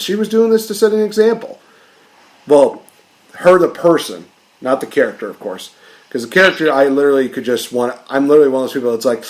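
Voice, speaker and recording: A man's voice: medium pitch, animated, quick pace, low-quality recording. A man hosting a podcast, ranting in a casual, jokey way. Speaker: podcast host.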